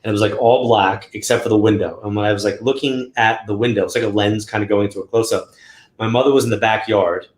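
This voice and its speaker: In casual interview storytelling, a male psychic medium talks fast in a lowish voice. He grows animated and acts out quotes loudly, and the room gives the recording a noticeable echo.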